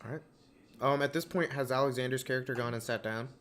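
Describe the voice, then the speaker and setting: A man's voice: medium pitch, steady tone, fast, fairly bright tone, a little hiss or hum. Plain-spoken male player. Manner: plain, practical questions. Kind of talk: tabletop role-play.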